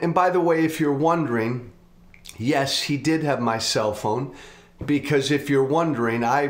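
A middle-aged man and show host speaking in an earnest, confessional monologue, slow and deliberate. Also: medium pitch. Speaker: political commentator, host. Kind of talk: reflective monologue. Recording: roomy echo.

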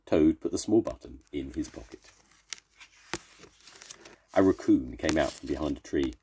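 An older man, a grandfather, reading a children's storybook aloud, slow and expressive. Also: very deep voice, a little hiss or hum. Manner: slow, expressive read-aloud with warm sign-offs.

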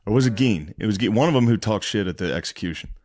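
A man's voice: on the low side, animated, fast talker, darkish tone. A young man co-hosting a casual podcast, throwing in joking remarks and laughing through his own stories. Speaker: podcast co-host. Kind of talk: casual chat.

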